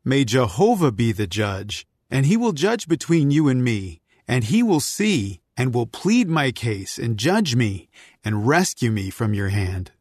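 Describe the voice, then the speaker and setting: An actor playing an earnest young warrior-leader who pleads passionately in a dramatized scripture reading. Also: male voice, mid-range voice, big pitch swings, a little slow, darkish tone, breathy edge, no room sound, clean studio sound. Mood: pleading.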